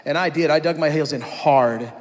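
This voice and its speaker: A man's voice: on the high side, normal speed. A man giving his testimony at church, telling his story candidly and acting out his past self. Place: church hall. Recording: long hall reverb.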